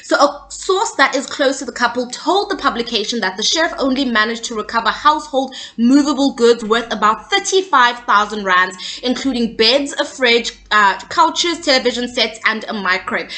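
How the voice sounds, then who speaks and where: Brief: young woman, high bright voice, opinionated gossip vlogger, sassy and blunt. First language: not English. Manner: opinionated, sassy, asks "okay?" often. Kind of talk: casual celebrity gossip commentary.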